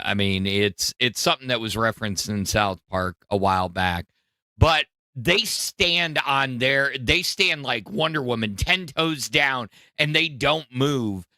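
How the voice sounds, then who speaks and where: Brief: man, streamer, quick, exclaiming, sharp bright tone, dry mic. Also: mid-range voice, clear, resonant tone, no room sound. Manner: fast, exclaiming, talks to chat. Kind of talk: casual live-stream talk.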